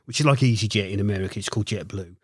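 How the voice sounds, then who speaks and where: A man's voice: fairly low pitch, rapid-fire, breathy edge, no echo, studio quality. A man from Birmingham with a Brummie accent, a podcast guest telling a story and acting out what people said. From Birmingham, England. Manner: animated storyteller, acting out others' lines. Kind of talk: casual anecdote telling. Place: podcast studio.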